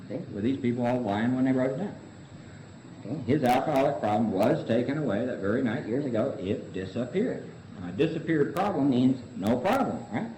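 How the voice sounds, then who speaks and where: A man's voice: mid-range voice, dark tone, lo-fi sound, slight background noise. A man leading a recovery book study in a meeting room. He asks the group question after question, answers them himself, and keeps saying "see.". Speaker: study leader. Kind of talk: Big Book study lecture. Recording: echoey room recording.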